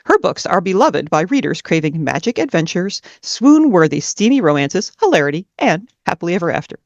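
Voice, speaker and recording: A woman's voice: lowish voice, sing-song, fairly quick, hardly any pauses, a little mellow, no echo, highs cut off. Enthusiastic woman host introducing an author. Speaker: host and emcee.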